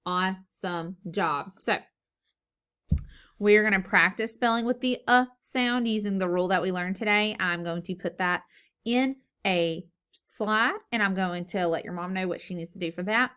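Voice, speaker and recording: A woman teacher leading a phonics lesson for young children, slow and encouraging, sounding out words syllable by syllable. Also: mid-range voice, a bit bright, clear, resonant tone. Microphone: recorded lesson video.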